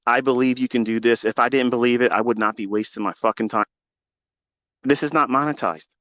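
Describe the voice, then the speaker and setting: A man's voice: mid-range voice, fairly even intonation, fairly quick, a bit bright, no echo. A middle-aged man speaking into a phone as a mentor, in a fervent, preachy monologue that mixes faith with casual swearing. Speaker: trading mentor. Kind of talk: impassioned spoken monologue.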